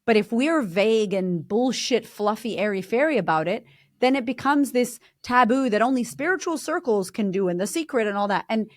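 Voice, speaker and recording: A woman's voice: fairly high pitch, animated, moderate pace, no echo, clean studio sound. A woman guest in a casual interview, a confidence coach who talks bluntly and emphatically, swearing freely.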